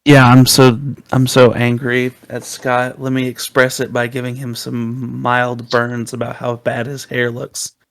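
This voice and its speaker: A young man on a podcast, telling a rambling story with plenty of fillers and restarts. His voice has a gravelly, creaky texture at a middle pitch. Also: completely flat delivery, measured pace, hardly any pauses. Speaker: podcast co-host. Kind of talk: casual storytelling.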